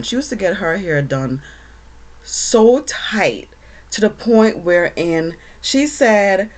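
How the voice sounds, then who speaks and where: Lively chatty woman vlogger. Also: medium pitch. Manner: animated, lively, with lots of fillers. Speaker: beauty vlogger. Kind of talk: casual chatty storytelling to camera.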